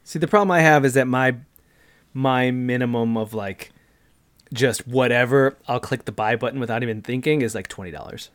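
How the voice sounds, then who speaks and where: A man in his thirties, co-hosting a casual gaming podcast and walking through how a game plays, step by step and with animated energy. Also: medium pitch, normal speed, clean tone. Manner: animated, explains games step by step. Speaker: podcast co-host.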